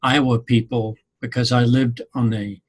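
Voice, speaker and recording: Husky rambling teacher. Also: male voice, medium pitch, level tone, unhurried. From Missouri, USA. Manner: rambling, conversational, with many ums. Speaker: instructor. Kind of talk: informal recorded class talk.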